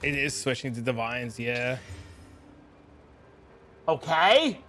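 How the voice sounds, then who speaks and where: A man streaming a game, chatting casually, excitable and swearing often as he thanks his viewers. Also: a little high, brisk, a little hiss or hum. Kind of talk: casual live-stream chat.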